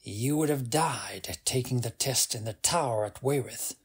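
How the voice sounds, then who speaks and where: A man voicing a sneering, evil undead old male archmage in an audiobook reading, with a gravelly, husky voice and a coldly dismissive manner. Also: mid-range voice, measured pace. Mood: smug.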